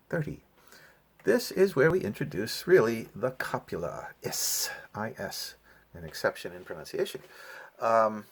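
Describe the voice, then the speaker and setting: A man teaching a language lesson in a relaxed, explanatory way, with frequent fillers as he walks through the material. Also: lowish voice, breathy edge. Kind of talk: casual lesson walkthrough.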